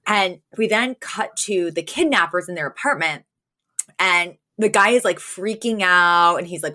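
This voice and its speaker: A woman's voice: on the low side, unhurried, bright, forceful tone. A woman co-hosting a podcast, recapping an episode in casual chat, teasing and blunt and laughing often. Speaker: podcast co-host.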